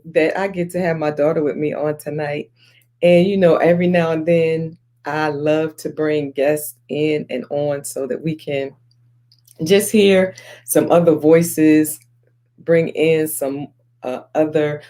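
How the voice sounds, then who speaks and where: A woman's voice: deep voice, dark tone. A middle-aged woman hosting a live-streamed talk show, encouraging and preachy, greeting viewers by name with call-and-response phrasing. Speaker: host.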